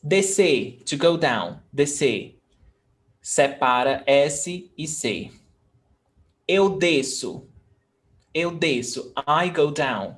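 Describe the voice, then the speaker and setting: Brief: male teacher, slightly high voice, slow, patient, spells and repeats. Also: animated, fairly bright tone. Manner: patient, repeats words slowly and spells letters out. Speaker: Portuguese teacher. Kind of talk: online language lesson.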